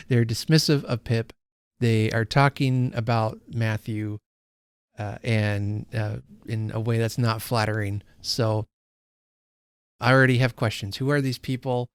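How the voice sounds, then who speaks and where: A book channel host with a smooth, mid-range voice leads a casual read-along, reading passages and musing aloud while frequently restarting sentences as he thinks. The audio is studio quality with no echo.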